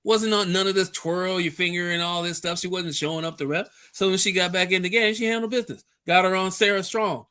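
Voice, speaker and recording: A man co-hosting a sports podcast, arguing his points in an exasperated, lively way and laughing easily. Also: high-pitched, fairly quick, hardly any pauses, clean tone. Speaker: podcast co-host. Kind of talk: casual sports talk.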